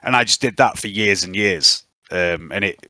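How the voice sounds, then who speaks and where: A man's voice: low voice, moderate pace, pushed and bright, dry recording. A man running a tabletop game as game master, chatty and easygoing, telling anecdotes between dice rolls. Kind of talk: running a tabletop game over casual chat.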